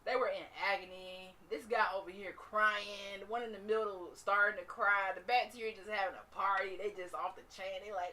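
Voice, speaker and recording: Woman dentist, bright and playful, explains tooth care in a casual teaching talk. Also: medium pitch, normal speed, hardly any pauses, a little hiss or hum. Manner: animated, playful, laughs often.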